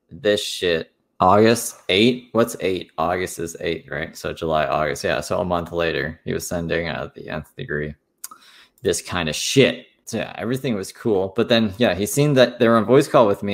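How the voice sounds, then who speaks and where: A man streamer recounting online drama in casual, rambling commentary, swearing freely. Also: low-pitched.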